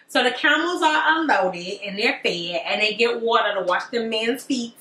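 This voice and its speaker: A woman's voice: a little high, lively intonation, normal speed, few pauses, sharp tone, slight background noise. A woman retelling a story in playful, slangy comic style. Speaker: comedic storyteller. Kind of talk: comedic retelling. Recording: roomy echo.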